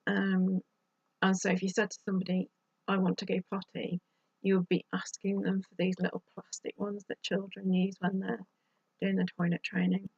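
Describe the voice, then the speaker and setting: Female vlogger, husky and dry-sounding, slightly muffled home recording. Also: mid-range voice, completely flat delivery, moderate pace, a little mellow, no echo. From United Kingdom. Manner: chatty, exasperated asides. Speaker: YouTube vlogger. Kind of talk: casual advice to camera.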